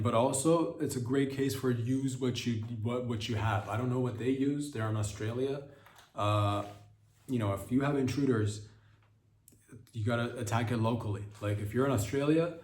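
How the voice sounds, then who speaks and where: Male comic host, mid-pitched, riffs crude bits with frequent restarts; echoey room sound. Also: normal speed, darkish tone. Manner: crude, riffing, stumbling restarts. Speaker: podcast host. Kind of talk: rambling comedic monologue. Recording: roomy echo.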